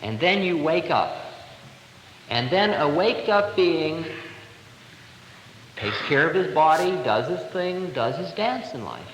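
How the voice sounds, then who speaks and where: A man in his thirties giving a spiritual talk to an audience, telling stories in a lively, expressive way. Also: on the high side, slow, long pauses. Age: 30s. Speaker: spiritual teacher. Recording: echoey hall, 1970 live recording, faint hiss.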